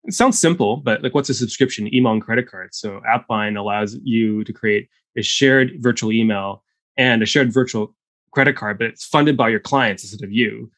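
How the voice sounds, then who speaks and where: A man talking as a guest in a casual interview, an animated storyteller full of quick restarts. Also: on the low side, no echo. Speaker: guest, software founder.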